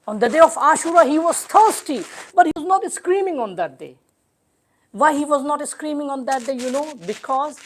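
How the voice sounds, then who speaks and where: A man giving an emotional mourning sermon, moving from hushed, drawn-out phrases to raised, shouted lines. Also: very high-pitched. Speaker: religious lecturer.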